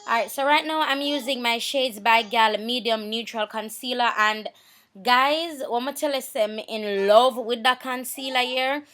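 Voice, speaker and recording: A woman's voice: fairly high pitch, moderate pace, fairly bright tone. A woman, talking casually through a makeup tutorial, chatty and repeating herself. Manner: chatty, repeats herself, talks while working. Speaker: makeup vlogger.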